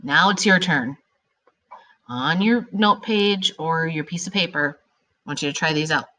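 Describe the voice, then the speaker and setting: A woman teaching a recorded grammar lesson to her students, animated and emphatic, stretching out key words as she explains. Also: sits low, measured pace.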